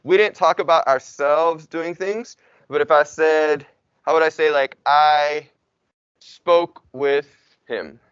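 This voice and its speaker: A young man teaching a Spanish class in an easygoing, talkative way, with a native English speaker's voice. His voice sits a bit high for a man. The recording is dry and slightly muffled, with no room echo. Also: fairly even intonation, slow pace, a bit bright, clean tone. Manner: chatty, informal, uses y'all and like. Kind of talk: casual classroom lecture.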